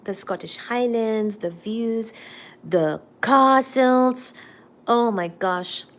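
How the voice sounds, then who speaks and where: A young woman from India hosting a casual live stream, chatting and reading viewer comments aloud with loud exclamations. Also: medium pitch, slow pace. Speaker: livestream host.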